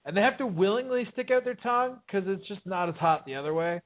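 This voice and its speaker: A man's voice: high voice, lively intonation, quick pace. A man hosting a casual chat show, talking bluntly and profanely and rambling with lots of fillers. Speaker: podcast host. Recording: tinny phone-like sound.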